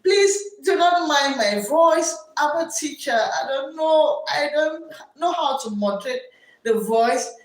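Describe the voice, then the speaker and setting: A woman teacher hosts a live stream and reads viewer comments aloud. She talks slowly in a loud classroom voice, pitched a little high, and repeats her questions over and over. The room around her is echoey. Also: expressive.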